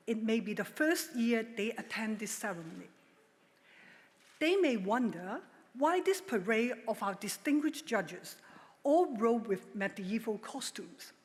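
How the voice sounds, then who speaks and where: A middle-aged woman giving a formal prepared speech at a legal ceremony, measured and emphatic with a touch of dry humor. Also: fairly high pitch. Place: large ceremonial hall. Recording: long hall reverb.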